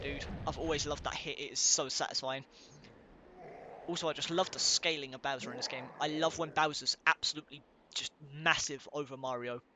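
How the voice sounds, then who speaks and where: A man casually commenting on his gameplay at home on a headset, rambling and excitable, often apologizing to his viewers. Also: fairly high pitch. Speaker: let's play host. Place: room at home at a gaming chair. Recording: game music clearly behind.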